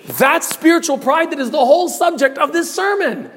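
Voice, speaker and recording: A man's voice: very high voice, animated, moderate pace, hardly any pauses, fairly bright tone. A man in his forties preaching a sermon, fervent and rising to impassioned pleas. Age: 40s. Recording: echoey hall reverb.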